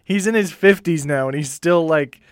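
A man's voice: on the high side, moderate pace, no room sound, clean studio sound. A man, co-hosting a podcast in casual, joking chat and laughing often. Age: 20s. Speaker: podcast co-host.

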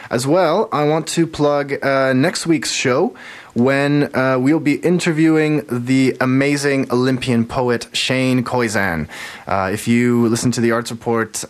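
Casual rambling male radio host. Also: medium pitch. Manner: rambling with many fillers, self-mocking. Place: radio studio.

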